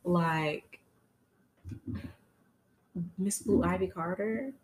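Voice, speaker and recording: A woman co-hosting a casual podcast, telling stories in an animated, dramatic way with lots of cursing. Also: lowish voice, very slow, noisy background. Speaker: podcast co-host. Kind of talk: casual chat.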